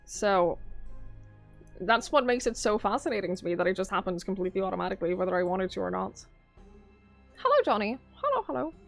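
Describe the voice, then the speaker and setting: A woman's voice: medium pitch, fairly even intonation, fast, vocal fry, soft background music. A young Norwegian woman with a Norwegian accent in English, chatting casually with her live-stream viewers and reading their messages aloud. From Norway. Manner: chatty, musing aloud, swears casually, reads chat aloud. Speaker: game streamer.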